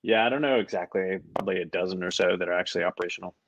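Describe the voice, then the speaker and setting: A man's voice: sits low, rapid-fire, dry recording. A man, a former Navy pilot, chatting as a guest on a podcast in an easygoing way. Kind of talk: casual interview chat.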